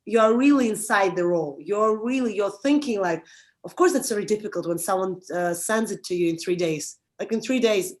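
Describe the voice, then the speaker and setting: A young adult woman with a Russian accent, speaking English in a casual interview as a director and actress, halting and restarting as she explains. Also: medium pitch. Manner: halting, restarts often, animated advice.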